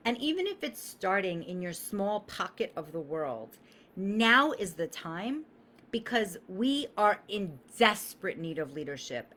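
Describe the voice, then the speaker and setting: A woman in her thirties coaches her audience on a live stream with a lot of emphasis. Her pitch rises and falls over a wide range, and she swears casually as she acts out the people she is quoting. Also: fairly bright tone. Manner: emphatic, swears freely, acts out quoted voices.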